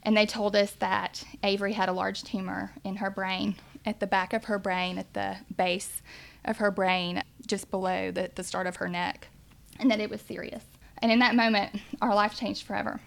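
Mom telling her faith story, earnest and emotional, bit of vocal fry. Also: mid-range voice, level tone, normal speed. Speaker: mother sharing a testimony. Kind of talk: personal testimony storytelling.

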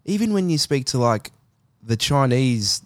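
A man's voice: mid-range voice, very animated, a little slow, dry recording. Male podcast co-host, dry close sound. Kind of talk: casual podcast banter.

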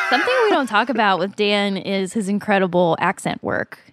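Woman, podcast co-host, gushing casual chat, mid pitch, dry close mic. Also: animated, moderate pace, a bit bright, no room sound. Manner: effusive, laughs often.

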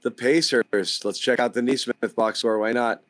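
A man's voice: mid-range voice, fairly even intonation, normal speed, fairly bright tone, no echo. Joking man in a dry recording. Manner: joking, teasing banter. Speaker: podcast co-host. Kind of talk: casual basketball chat.

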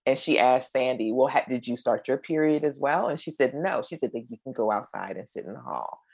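A middle-aged woman from the United States, a podcast guest, telling stories in an animated way and acting out the voices of people she quotes. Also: extremely low pitch, brisk, gravelly, husky. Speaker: guest, creator of a menopause storytelling project. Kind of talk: storytelling in a podcast conversation.

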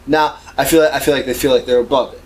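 A man's voice: medium pitch, steady tone, fast. A man co-hosting a podcast, swearing freely and laughing often in crude casual banter. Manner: profane, emphatic, laughs often. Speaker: podcast co-host.

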